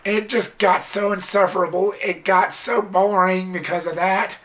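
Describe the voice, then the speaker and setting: A movie reviewer giving a casual, blunt spoken film review, exasperated and swearing a little, sometimes jumping into high squealing impressions. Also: steady tone, moderate pace, a bit bright. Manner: mimics characters in sudden high squeals.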